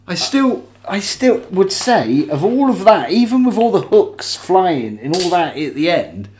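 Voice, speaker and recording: A man's voice: high voice, measured pace. A man co-hosting a podcast, chatting casually and jokily about a horror film. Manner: animated, jokey, swearing and laughing. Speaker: podcast co-host. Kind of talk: casual film-discussion chat. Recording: echoey room.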